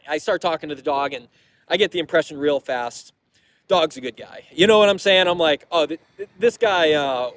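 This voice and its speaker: A man's voice: fairly high pitch, slight background noise. A young man from Massachusetts telling a long, rambling story to his channel in a casual, profane way, with frequent asides and laughs. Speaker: metal vlogger.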